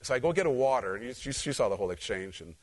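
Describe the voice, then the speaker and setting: A male pastor preaches a conversational sermon, telling personal stories and speaking directly to his congregation in an animated way. His voice is mid-range and he talks at a racing speed.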